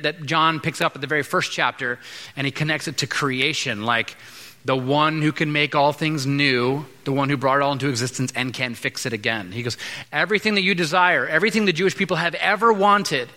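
Bright-voiced preacher in a reverberant hall. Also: male voice, on the high side. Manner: conversational preaching with quick acted-out asides. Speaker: pastor. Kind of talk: sermon.

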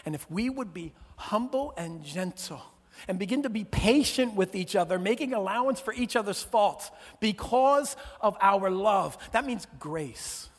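A man with a high voice preaches to a church crowd, animated and swinging between loud, punchy lines and soft, low words. His voice carries a long reverb from the large hall he is in. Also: unhurried. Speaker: pastor. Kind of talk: sermon. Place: church auditorium.

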